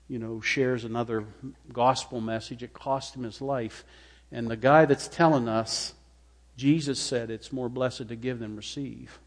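A man preaching a sermon, mid-pitched, in a space with long reverb. He reads scripture and explains it. His voice climbs into forceful, emphatic stretches, then sinks to a quiet, low murmur. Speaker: pastor. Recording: hall reverb.

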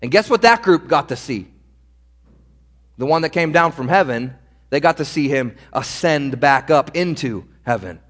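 A man's voice: fairly high pitch, animated, normal speed, a bit bright. A man preaching a sermon as pastor, earnest and direct, speaking straight to his listeners. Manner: earnest, direct, addresses the congregation. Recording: long hall reverb.

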